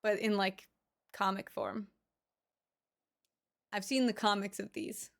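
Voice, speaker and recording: A woman's voice: mid-range voice, steady tone, takes it slowly, gravelly, long pauses. A woman livestreamer chatting casually with her viewers while reacting to pet videos, rambling with lots of fillers and cooing over the animals.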